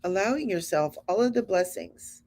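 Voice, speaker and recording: Earnest woman in her fifties, gravelly. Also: mid-range voice, expressive, moderate pace, darkish tone. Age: 50s. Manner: earnest, encouraging, conversational. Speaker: spiritual show host. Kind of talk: spiritual talk to the audience.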